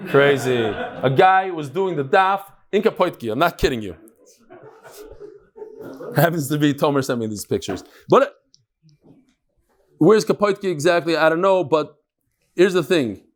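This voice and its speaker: A man with a fairly high voice teaches a Talmud class, reading passages and explaining them with lively energy. He is middle-aged and tells anecdotes quickly and expressively. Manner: animated, quick storytelling with Hebrew-Aramaic reading. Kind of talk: Talmud lecture.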